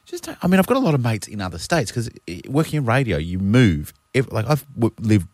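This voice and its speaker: A man's voice: medium pitch, sing-song, brisk, darkish tone, no echo. A man with an Australian accent co-hosting a radio show, telling rambling, self-deprecating stories in casual banter. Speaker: radio host. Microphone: studio microphone.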